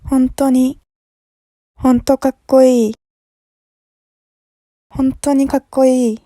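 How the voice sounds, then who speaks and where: A woman reading practice phrases clearly for learners to repeat, then asking a quiz question. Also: high-pitched, little pitch movement, a little slow, mellow, no echo, studio quality. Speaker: language teacher giving drills. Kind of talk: practice drill prompts.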